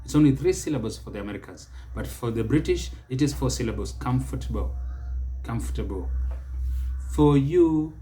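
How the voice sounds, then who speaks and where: Male teacher with a Kenyan accent, mid pitch, mellow and unhurried, drills each word over and over. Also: a little hiss or hum. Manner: slow, deliberate, repeats each word several times. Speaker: pronunciation teacher. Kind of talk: English pronunciation lesson.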